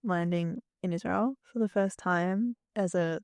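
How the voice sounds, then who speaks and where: A woman hosting a casual interview, asking curious questions with quick laughs. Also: lowish voice, a little mellow, no room sound. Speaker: host.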